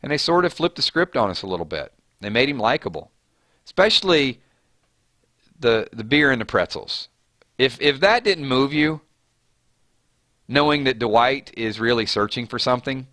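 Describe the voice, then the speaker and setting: A man hosting a live stream in a relaxed, chatty way, reading viewer comments aloud as they come in. His voice sits in a middle register and springs upward whenever he names someone or asks a question. The sound is close and dry, with no room around it. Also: medium pitch, normal speed, long pauses, no echo. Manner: animated, voice jumps up on names and questions.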